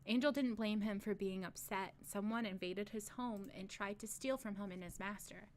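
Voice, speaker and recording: Give me a woman reading a novel aloud on stream, steady but with joking asides. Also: medium pitch, normal speed, slight background noise. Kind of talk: casual read-aloud with asides.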